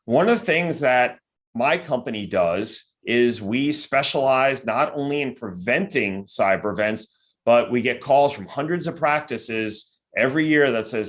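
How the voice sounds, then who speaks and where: A man's voice: mid-range voice, lively intonation, unhurried. Man lecturing conversationally on security. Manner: conversational, with frequent tag questions; acts out listeners' objections in quoted voices. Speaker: cybersecurity company executive giving a lecture. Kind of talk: virtual conference lecture.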